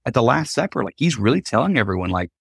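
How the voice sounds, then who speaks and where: He has a mid-range, creaky, husky voice and talks fast, recorded at studio quality with no room sound. As a podcast guest and Christian singer, he relates a personal story in an animated way, acting out the quotes of those involved.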